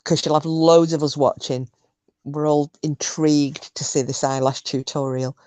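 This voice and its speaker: A woman's voice: low voice, level tone, moderate pace, a little mellow, no room sound. A woman from Scotland chatting casually on a livestream, rambling and answering viewers' comments. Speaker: livestream host. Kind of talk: casual chat with live chat viewers.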